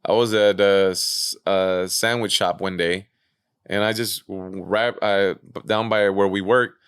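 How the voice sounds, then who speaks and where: A man as a podcast guest, telling stories in a casual, animated way, peppered with "man" and "bro". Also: low-pitched, slow, clear, resonant tone, no echo. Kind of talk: casual storytelling chat.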